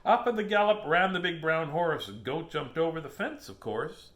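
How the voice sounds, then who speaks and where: A man's voice: on the high side, animated, moderate pace, a bit bright. A man hosting a casual storytime, reading children's books aloud with jokes and asides. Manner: playful, jokey, laughs at his own puns.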